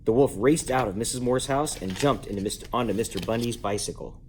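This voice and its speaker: A man reading a children's book aloud at bedtime at home, lively and playful, jumping up in pitch to give each character a voice. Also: fast talker, slight background noise. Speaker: parent reading a bedtime story. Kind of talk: bedtime story read-aloud.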